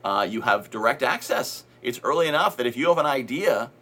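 Guy giving his team a pep talk, bright kinda husky voice, earnest and chatty. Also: mid-range voice, very animated, a little fast. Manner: earnest, conversational, acts out inner voices. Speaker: team leader giving an update.

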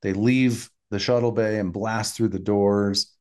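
A man's voice: fairly low pitch, unhurried, smooth. A man co-hosting a podcast, recapping an episode in casual chat and acting out characters' lines. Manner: animated, acts out characters' lines in bursts. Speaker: podcast co-host.

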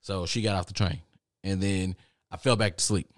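A young man with a fairly low voice tells a personal story in a loose, profane, rambling way and chuckles at his own misadventure. The sound is dry and close, with no room echo. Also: steady tone, moderate pace. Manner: profane, rambling, laughs at himself. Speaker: podcast host.

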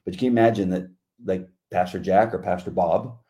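A man's voice: deep voice, fairly even intonation, fairly quick, mellow. A middle-aged man co-hosting a devotional chat, talking in an earnest, reflective way. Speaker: co-host.

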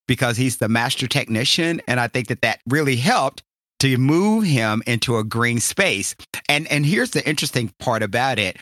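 A man's voice: medium pitch, sharp tone, dry recording, studio quality. A man co-hosting a faith-based couples podcast, earnest and reflective, quoting scripture. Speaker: podcast co-host.

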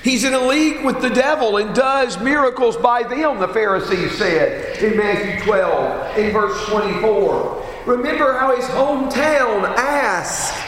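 A man preaching a sermon, teaching in a measured, emphatic way and repeating rhetorical questions. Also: very high voice, fairly bright tone. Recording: echoey hall with long reverb.

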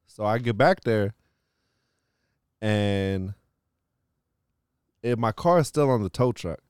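Speaking slowly with frequent pauses, a man with a lowish, clear, resonant voice hosts a podcast and spins a long, profane story, peppering it with "like". The studio-quality recording has no echo.

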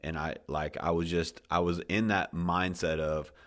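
A man with a very deep voice hosts a podcast in a casual, heartfelt way. He talks with passion, swears freely and restarts his sentences, and he gets emotional as he tells his story. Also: little pitch movement, normal speed, a bit bright. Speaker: podcast host.

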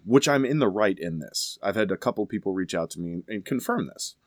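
A man casually telling a story with emphatic, animated delivery. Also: fairly low pitch, brisk, no room sound.

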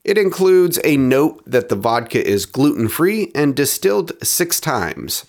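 A man hosting a spirits review podcast, reading his notes in a steady, descriptive way. His pitch moves up and down a lot as he talks. Now and then he drops into soft, low asides. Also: a little slow. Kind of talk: scripted review narration.

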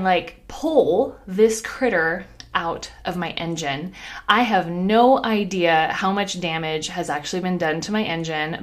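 A woman in her thirties hosting a podcast, telling a story in a casual, animated way, laughing often and saying "like" a lot. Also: mid-range voice. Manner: animated, laughing, heavy use of "like". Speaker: podcast host.

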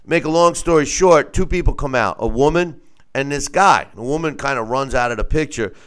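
A man with a smooth, clear voice tells a long story in casual conversation. He rambles, stumbles over repeated words, and acts out what other people said. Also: medium pitch, fairly quick, a bit bright. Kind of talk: casual call-in chat.

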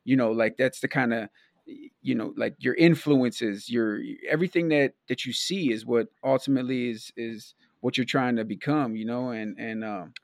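A man's voice: mid-range voice, normal speed, dry recording, clean studio sound. A man hosting a podcast interview in casual chat, rambling with many restarts and saying "bro". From Milwaukee. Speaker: podcast host.

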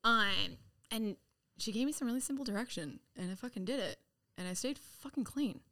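A woman's voice: on the high side, quick pace. A woman guest on a podcast telling her story in casual, profane speech, acting out quoted lines. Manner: animated, profane, acts out quotes.

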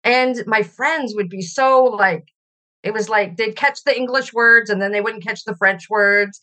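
A woman's voice: mid-range voice, a little slow. A middle-aged woman from Canada, a podcast guest speaking reflectively in a conversational interview. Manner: reflective and warm, laughs while telling stories.

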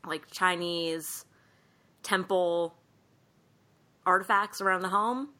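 A woman co-hosting a podcast, casually recapping a movie plot in an animated storytelling way. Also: on the low side, slow pace. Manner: animated storytelling, acts out quoted lines. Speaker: podcast co-host.

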